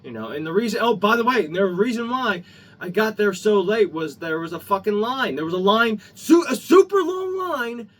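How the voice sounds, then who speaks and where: A man's voice: high-pitched, lively intonation, brisk, a bit bright. A man ranting in a vlog, heated and rambling, swearing often. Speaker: vlogger. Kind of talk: angry opinion rant. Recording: distant mic, faint ambient noise.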